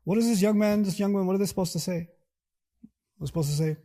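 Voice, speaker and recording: Earnest preacher man, mellow raised voice. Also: high voice, animated, fast. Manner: acts out quoted exchanges in shifting voices; earnest, emphatic, spells out lists of qualities. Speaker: preacher and teacher. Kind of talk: religious lesson.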